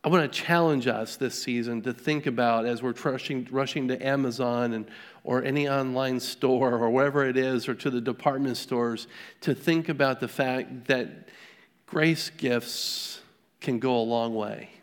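A middle-aged male pastor delivering a sermon in a loose, conversational manner. He tells personal stories, stumbles into restarts and keeps asking the congregation questions. His pitch sits in an ordinary middle range. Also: steady tone, moderate pace. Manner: conversational storytelling, frequent restarts and rhetorical questions.

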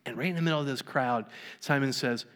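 A man's voice: mid-range voice, quick pace, fairly bright tone. Preacher man in an echoing church. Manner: storytelling, acting out the characters. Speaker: pastor. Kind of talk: sermon.

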